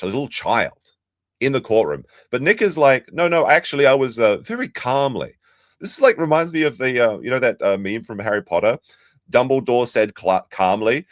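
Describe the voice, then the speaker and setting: A man's voice: mid-range voice, dry recording, clean studio sound. A man hosting a reaction commentary, mocking the clips he plays and talking to his chat. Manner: mocking, sarcastic, talks to chat. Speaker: commentary channel host.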